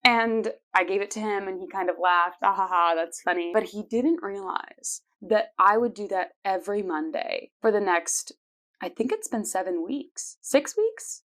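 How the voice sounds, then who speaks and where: A woman's voice: mid-range voice, moderate pace, a bit bright. A woman in her twenties, hosting her own show and playfully telling personal stories with frequent laughs. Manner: chatty and playful, laughs often. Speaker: podcast host. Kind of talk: casual personal storytelling.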